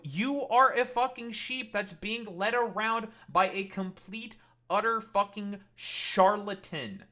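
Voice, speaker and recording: A man's voice: high voice, bright, forceful tone. A male streamer ranting live at his chat, heated and profane, with sarcastic and mocking jabs.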